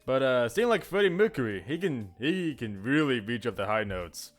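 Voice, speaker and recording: Male host, casual self-mocking rambler with a lively, swinging voice, over soft background music. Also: medium pitch, moderate pace, hardly any pauses. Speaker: YouTuber host. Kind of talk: casual solo chat to viewers.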